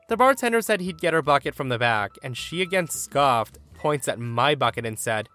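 A man reading an online story aloud in an animated, emphatic way. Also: mid-range voice, moderate pace, few pauses, soft background music. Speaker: story narrator.

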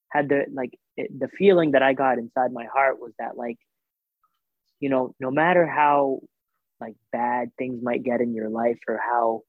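A man's voice: mid-range voice, dry recording. Man telling a story over a phone-thin line. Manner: animated retelling with reported dialogue, many fillers. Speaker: guest telling a personal story. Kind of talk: casual conversational storytelling. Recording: thin phone-like dry sound.

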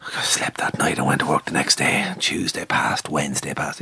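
A middle-aged man telling an animated story in casual chat, swearing freely and acting out what people said, swinging from low mutters to loud outbursts. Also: normal speed, gravelly, few pauses, slightly rough, dry recording.

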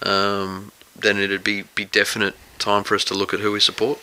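Low, sharp-toned man cracking jokes. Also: monotone, moderate pace, smooth, rough recording. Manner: dry, wisecracking. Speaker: podcast co-host. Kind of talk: casual sports chat.

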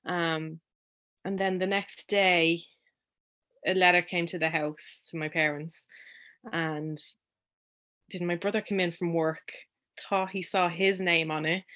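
A young woman speaks as a guest, her voice sitting a little on the low side. She tells a personal story in a loose, chatty way. Her talk is full of ums and false starts. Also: steady tone, slow, pauses often, fairly bright tone. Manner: chatty, with many ums and restarts.

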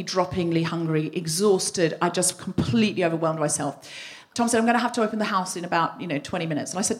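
A woman hosting a live comedy podcast, telling a story on stage with animated, breathless delivery and shrieking acted-out quotes. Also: medium pitch. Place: live venue with audience laughter.

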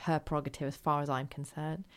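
A woman interview guest telling her own story candidly, lively, putting on voices when she quotes others. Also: low voice, fast. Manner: animated, does voices of others when quoting.

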